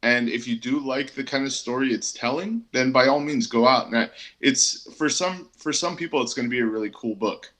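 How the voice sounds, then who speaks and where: A man's voice: medium pitch, fairly quick, few pauses, a bit bright. A man co-hosting a casual comic book review chat, easygoing and hesitant, with many ums and restarts.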